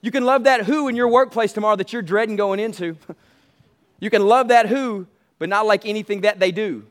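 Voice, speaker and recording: A man's voice: sits high, a little fast, a bit bright. A man preaching a sermon as pastor, emphatic and repetitive, calling out to his congregation.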